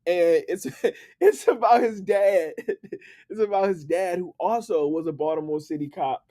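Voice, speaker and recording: This man has a Washington DC accent and a voice that sits high, warm and measured. He hosts a livestream and writes books, chatting casually, laughing, and talking straight to his viewers.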